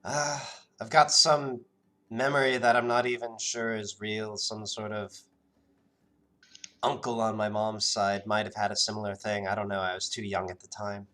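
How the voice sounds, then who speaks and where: A man voicing a guarded, cautious village woman in a tabletop role-play, hesitant and rushed in her speech. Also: on the low side, little pitch movement, sharp tone.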